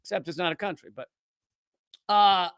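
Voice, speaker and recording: A man hosting a live political commentary show, talking in a sarcastic, rapid-fire way with frequent restarts. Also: sits high, gravelly, fairly bright tone, clear, resonant tone, no room sound. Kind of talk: live news commentary monologue.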